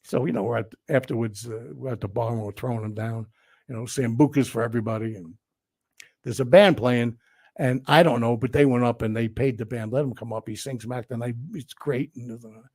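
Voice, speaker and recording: An older man spins stories as a guest in a relaxed interview. He talks in an animated, salty way and slips into the voices of the people in his tales. His pitch sits in an ordinary middle range. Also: brisk. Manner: animated, profane storyteller who acts out quotes. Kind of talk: casual storytelling interview.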